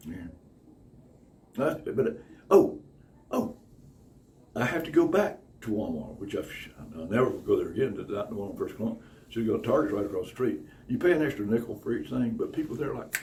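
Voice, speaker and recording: A man tells rambling anecdotes in a lively, swooping voice, breaking into other people's lines. He swears freely. He sits a little back from the mic, with a faint hum of noise behind him. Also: brisk. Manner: animated, profane, acts out other people's voices with big pitch jumps and laughter. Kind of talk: casual anecdotal storytelling. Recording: slightly distant mic with faint room noise.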